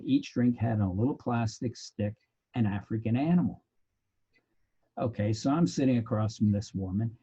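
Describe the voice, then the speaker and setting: A man's voice: lowish voice, slightly rough, lo-fi sound. A man teaching a sociology lecture, telling anecdotes. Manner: animated storyteller, bursts into loud laughter. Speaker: sociology instructor.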